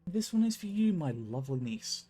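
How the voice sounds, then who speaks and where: A man's voice: sits high, very animated, normal speed, dark tone, slightly rough, voice pushed up, heavily acted. A man voicing a good-natured miner uncle who teases his niece in a folksy way, reading game dialogue aloud. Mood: teasing.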